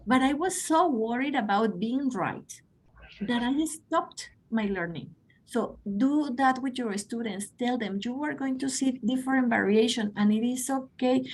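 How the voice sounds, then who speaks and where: A woman in her forties with a fairly high yet darkish voice and a Mexican Spanish accent runs an online teacher workshop on pronunciation. She's enthusiastic and coaxing, often calling her listeners "guys," and the recording quality is low.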